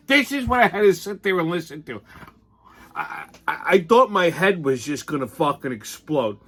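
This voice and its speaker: A man's voice: fairly high pitch, sing-song, moderate pace, a bit bright. A man hosting a weekly show, delivering a profane, sarcastic comedic news rant. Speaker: host.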